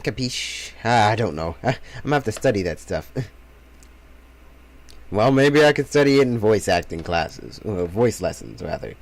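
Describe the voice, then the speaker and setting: A man's voice: fairly low pitch, very animated, moderate pace, gravelly. A man casually playing through a story game, reading the parts aloud and making rambling, self-mocking asides. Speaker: let's play host.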